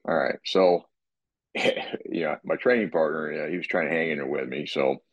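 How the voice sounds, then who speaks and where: A man talking casually about his workout, rambling and restarting his sentences and clearing his throat often. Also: extremely low pitch, normal speed, no room sound, lo-fi sound. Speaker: guest describing his workout. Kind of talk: casual podcast talk.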